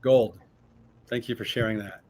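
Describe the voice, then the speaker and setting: A man's voice: lowish voice, steady tone, moderate pace, a little mellow. A man hosting an interview, asking questions in an appreciative, encouraging manner. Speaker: podcast host.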